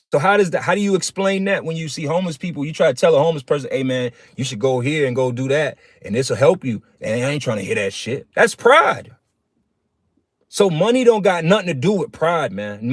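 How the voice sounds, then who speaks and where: A man's voice: on the high side, no echo, clean studio sound. A man giving a casual sermon on a livestream, preaching in plain street talk and calling his listeners "man".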